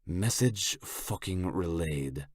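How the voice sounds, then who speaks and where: A man voicing a smug, leering Italian crime boss with a thick Italian accent, talking slowly and with menace. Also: sits low, animated, darkish tone, breathy edge, no echo, studio quality, exaggerated voice. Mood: menacing.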